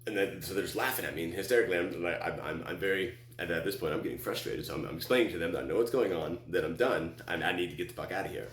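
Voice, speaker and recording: A man's voice: low-pitched, very fast, few pauses, reverberant. A man from Texas telling a personal story, rambling, with many restarts and acted-out quotes. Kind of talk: personal story told on stage.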